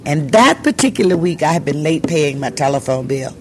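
A woman's voice: deep voice, fairly quick, soft background music. An older woman, a singer, telling her story in a casual interview and acting out the voices of the people she quotes. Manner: animated storyteller who acts out quoted voices.

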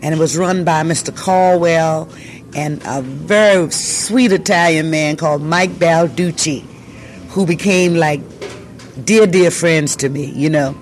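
An older woman, a singer, telling her story in a casual interview and acting out the voices of the people she quotes. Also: sits low. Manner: animated storyteller who acts out quoted voices.

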